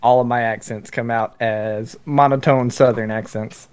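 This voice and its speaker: A man's voice: mid-range voice, steady tone, moderate pace, a little mellow, clear, resonant tone. A man who runs tabletop games, chatting casually with dry, self-deprecating humor. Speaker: game master. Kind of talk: casual group chat.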